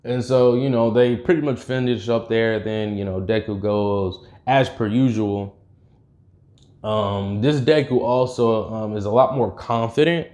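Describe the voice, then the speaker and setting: A man's voice: lowish voice, fairly even intonation, a little slow, darkish tone. A man casually retelling an invented fan story, rambling with many fillers and restarts.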